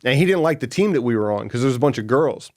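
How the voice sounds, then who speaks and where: A man's voice: mid-range voice, expressive, very fast, a little mellow. Profane, slangy man telling his story. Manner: profane, slangy, keeps saying bro and dude; acts out other people's words mid-story. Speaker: podcast guest. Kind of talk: casual storytelling interview.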